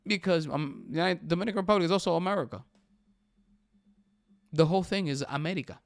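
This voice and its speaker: Young male podcast host, smooth clear voice, emphatic casual talk. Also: high voice, fast talker, dry recording. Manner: animated, emphatic, says "bro" often. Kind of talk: casual solo podcast commentary.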